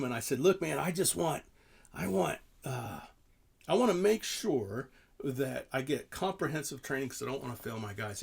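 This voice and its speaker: A man's voice: a little high, gravelly, breathy edge. A middle-aged man hosting a leadership podcast, talking casually and emphatically, telling stories from his work and laughing now and then. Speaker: leadership coach and podcast host. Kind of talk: motivational podcast talk.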